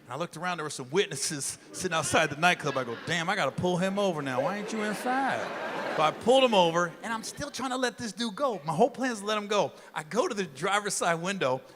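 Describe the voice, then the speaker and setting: Barely pausing, a comedian rattles off a long, profane tale at a quick pace, acting out everyone's voices in a high, animated, slightly bright tone. It's a live show in a large hall, and the crowd's laughter is constant.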